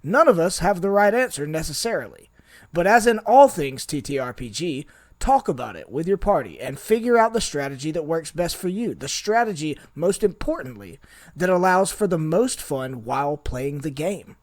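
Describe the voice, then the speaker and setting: A man's voice: on the high side, sing-song, moderate pace, dry recording, studio quality. A man hosting a podcast, reading an enthusiastic, chatty intro about tabletop gaming. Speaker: podcast host.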